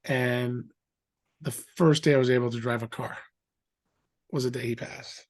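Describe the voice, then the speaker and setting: A middle-aged man telling a story in a rambling, animated way, acting out the voices of others. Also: medium pitch, unhurried. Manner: animated, acts out quoted voices; rambling with fillers and restarts. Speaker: guest. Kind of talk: casual storytelling.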